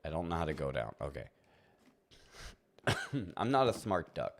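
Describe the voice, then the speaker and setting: A man with a deep, low voice talks casually to his livestream audience while he plays. He rambles playfully and chuckles often as he addresses chat. A faint background hiss sits under his voice. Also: very animated, normal speed, gravelly. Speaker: streamer.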